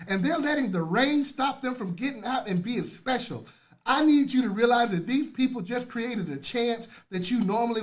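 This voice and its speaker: A man hosting a live motivational talk, preachy and exuberant, repeating phrases and urging listeners on. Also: very high-pitched. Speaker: motivational host.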